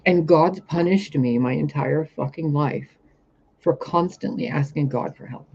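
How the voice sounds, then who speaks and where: Male spiritual vlogger, gravelly and intense, rambling and profane; dull lo-fi camera audio with a faint hiss. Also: fairly high pitch, measured pace, a little mellow. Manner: rambling, intense, swears often. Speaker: spiritual reader. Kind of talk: vlog monologue about a vision. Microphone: camera mic, talking to camera.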